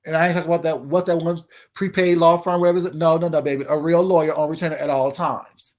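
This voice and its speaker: Guy going off in a rant, kinda high voice, loud and animated. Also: fast. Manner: brash, confrontational, animated. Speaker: online commentator. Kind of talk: casual ranting monologue.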